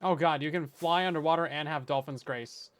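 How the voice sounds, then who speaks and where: In casual gameplay commentary, a man builds in Minecraft while chatting with his chat and cracking jokes about himself. His voice is a little high and brisk.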